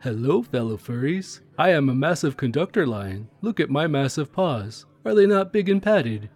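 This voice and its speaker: A man putting on a playful, boastful voice for a mighty regal lion, speaking slowly and grandly. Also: fairly high pitch, big pitch swings, darkish tone. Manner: slow, puffed-up, mock-grand boasting.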